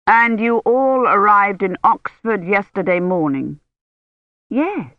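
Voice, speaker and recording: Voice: mid-range voice, animated. A reader plays a tired older man, an academic who weighs each word and questions people methodically. The audio is muffled and dry, with no room echo. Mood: careful. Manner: measured, careful. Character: weary older male Oxford don, careful.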